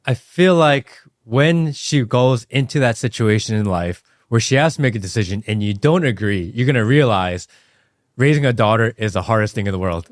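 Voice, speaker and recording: Man host with an animated, mid-range voice. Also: on the low side, normal speed. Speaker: podcast host. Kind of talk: podcast conversation.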